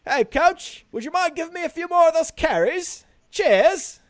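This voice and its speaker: Man playing a young footballer in a sketchy mock-British accent, raised high, chirpy and whiny. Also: lively intonation, normal speed, no room sound, studio quality. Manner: exaggerated, chirpy, pleading.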